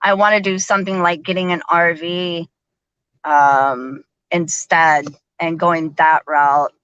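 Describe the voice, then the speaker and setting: A woman's voice: fairly low pitch, steady tone, takes it slowly, a bit bright, clear, resonant tone, dry recording, muffled recording. A woman hosting a live stream in casual chat, chatty, laughing often and using lots of fillers. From American South.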